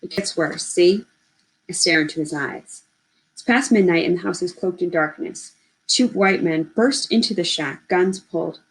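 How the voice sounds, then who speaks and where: A woman reading a novel aloud in a measured, steady storytelling voice. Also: lowish voice, low-quality recording. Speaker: audiobook reader.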